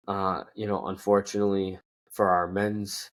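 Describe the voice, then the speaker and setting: A man with a very low voice, from Minnesota, hosts a casual sports show. He rambles, stops to correct himself and fills gaps with ums and uhs. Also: little pitch movement, normal speed. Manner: rambling, self-correcting, lots of fillers. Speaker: sports podcast host.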